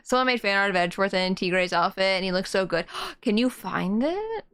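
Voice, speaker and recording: A woman's voice: medium pitch, animated, normal speed, a bit bright, a little hiss or hum. A woman streamer giving casual, giggly let's-play commentary and reacting aloud to a game.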